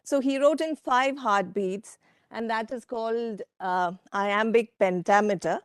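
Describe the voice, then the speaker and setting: A woman giving a workshop presentation from slides, speaking in a measured way with frequent fillers and asides to the audience. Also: fairly high pitch, clean tone, no room sound, studio quality. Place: conference room.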